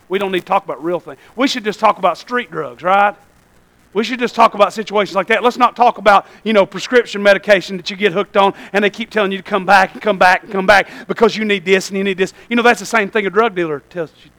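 Preacher, male, high bright voice, call-and-response sermon, loud peaks and quiet asides. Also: quick pace. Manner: call-and-response, asking "Amen?"; swings between shouting and quiet asides. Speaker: pastor. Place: church.

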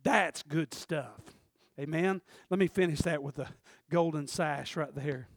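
A man preaches with fervor in a high-pitched voice, swinging from shouted peaks down to hushed, confiding asides. The recording is dry and close, with no room echo. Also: a little slow. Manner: fervent, swings from loud shouting to quiet asides. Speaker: pastor. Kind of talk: sermon.

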